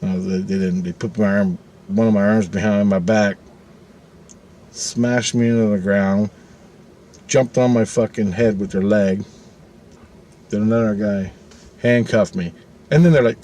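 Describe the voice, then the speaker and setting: A man's voice: fairly low pitch, measured pace, long pauses, a little hiss or hum. A middle-aged man telling a personal story casually, swearing often and acting out the voices he quotes. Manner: profane, animated, acts out quoted voices.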